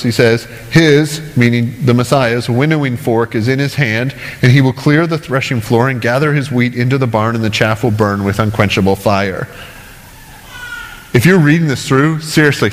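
A man preaching a sermon in a relaxed, conversational way, cracking jokes and checking in with the congregation. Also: mid-range voice. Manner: conversational, joking, asks "right?" often. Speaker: pastor. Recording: long hall reverb.

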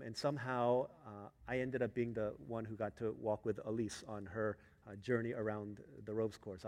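A man preaching a sermon, telling a family story that swings from hushed asides to loud, emphatic moments. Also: mid-range voice. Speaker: pastor. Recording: long reverb of a large hall.

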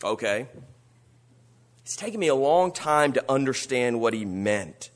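A man's voice: medium pitch, expressive, unhurried, long pauses. Earnest man preaching a sermon. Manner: earnest preaching that swings between quiet reflection and rising emphatic appeals. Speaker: pastor.

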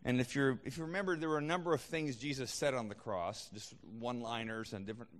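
A man's voice: medium pitch, quick pace, in a large hall. A man preaching a sermon as a pastor, conversational, with frequent restarts and fillers.

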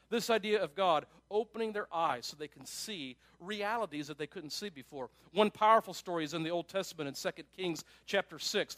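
High-voiced man preaching conversationally. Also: no echo. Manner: conversational, animated preaching with asides and laughs. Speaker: pastor. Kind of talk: sermon.

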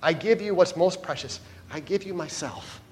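A gentle, reassuring male Jesus speaks in a soft, hushed, tender way, as a preacher quotes him in a sermon. His tone sits a little below the preacher's own fairly high voice and stays quiet and close. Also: moderate pace, a little hiss or hum, close to an everyday voice.

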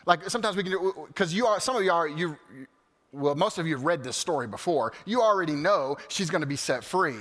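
A male pastor preaching a sermon, swinging from loud exclamations to quiet, casual asides. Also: fairly high pitch, animated, a little fast. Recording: hall reverb.

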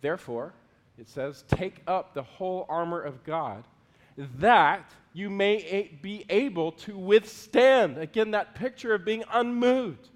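A man preaching a sermon as pastor, earnest, moving between loud pleading prayers and quiet asides. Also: high-pitched. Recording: long hall reverb.

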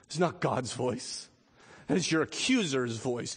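A middle-aged man preaching a sermon as pastor, swinging from emphatic peaks to quiet, light asides. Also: medium pitch, animated, a little slow, breathy edge. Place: church sanctuary. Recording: long reverb of a church hall.

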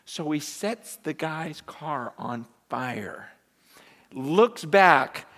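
A male pastor preaching a sermon in a church, self-deprecating and animated, often repeating words as he goes. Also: a little high, very slow. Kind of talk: sermon with a joke. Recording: long church reverb.

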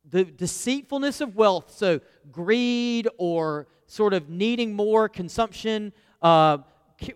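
With a clean, high-pitched voice, this man delivers a homey, conversational sermon as a pastor, frequently asking the congregation questions. Long hall reverb fills the church sanctuary around him.

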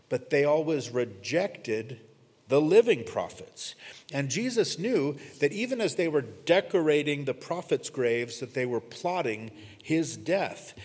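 A man preaching an earnest expository sermon, lifting his voice for emphasis and dropping low when he quotes scripture. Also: a little mellow. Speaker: pastor. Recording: long hall reverb.

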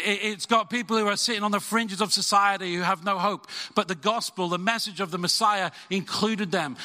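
A middle-aged man preaches with earnest, emphatic conviction, his voice pitched somewhat high for a man. His tone is bright and forceful. Long reverberation from the church hall trails after each phrase. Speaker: pastor. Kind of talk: sermon.

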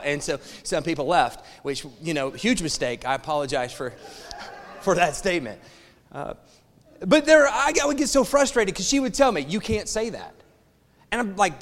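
A middle-aged male pastor preaching a sermon, telling stories with lively humor and acting out the voices in his quoted exchanges. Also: on the high side. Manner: animated storytelling, acts out quoted exchanges. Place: church sanctuary. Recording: long hall reverb.

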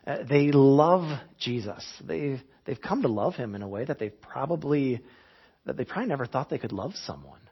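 A man's voice: mid-range voice, animated, normal speed, breathy edge, lo-fi sound. A man in his thirties, a pastor giving a conversational sermon with chuckles and frequent restarts.

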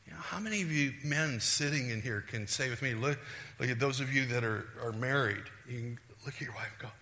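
A middle-aged man preaching a sermon as a pastor, animated, acting out quoted voices and moving between loud bursts and hushed asides. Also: mid-range voice, fairly quick. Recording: reverberant hall.

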